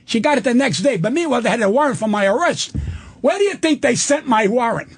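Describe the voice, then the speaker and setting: An older man, a comedian guest in a radio studio, ranting loudly and profanely and acting out the people in his stories. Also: very high voice, lively intonation, a little hiss or hum. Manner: loud, profane, rapid-fire storytelling with acted-out quotes. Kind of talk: angry radio rant and storytelling.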